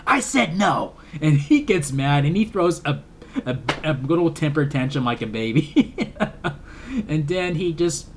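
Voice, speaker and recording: A man's voice: medium pitch, slight background noise. A man casually reviewing a movie, rambling, repeating himself and laughing often. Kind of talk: casual film review vlog.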